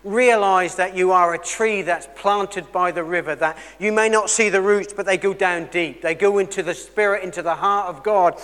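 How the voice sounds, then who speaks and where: High male preacher, earnest sermon storyteller, swings between loud and hushed, long church reverb. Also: fairly even intonation, normal speed, few pauses, clean tone. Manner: earnest storytelling, shifting between loud emphasis and quiet intensity.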